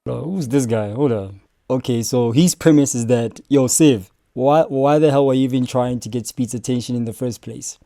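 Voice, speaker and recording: A young man with a mellow, relaxed voice. He hosts a casual reaction stream, swearing freely and joking as he answers the clips. The sound is dry and close. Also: mid-range voice, normal speed, gravelly, dry recording. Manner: profane, joking, talks back at clips.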